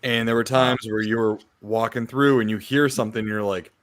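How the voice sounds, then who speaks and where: A man on a podcast, talking in a relaxed, casual way and getting excited as he recalls playing games. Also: mid-range voice, a little fast, no echo. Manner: laid-back, swears, excited retelling. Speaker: podcast co-host. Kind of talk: casual chat.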